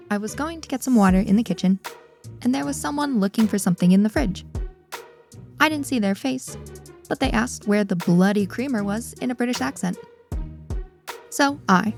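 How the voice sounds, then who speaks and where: A woman's voice: fairly high pitch, gravelly, darkish tone. Playful woman podcast host. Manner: playful, self-deprecating. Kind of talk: casual podcast storytelling.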